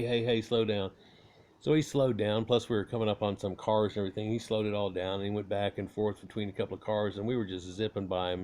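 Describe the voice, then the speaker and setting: A man's voice: fairly low pitch, a little mellow. Folksy man rambling through a story. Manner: rambling, folksy, swears casually. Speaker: car owner telling a story. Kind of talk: casual storytelling.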